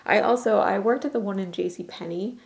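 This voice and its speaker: Chatty young woman with a gravelly edge. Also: mid-range voice, fairly quick. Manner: chatty, giggly, uses "y'all" and "like" often. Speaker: beauty vlogger. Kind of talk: casual makeup chat. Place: home bathroom.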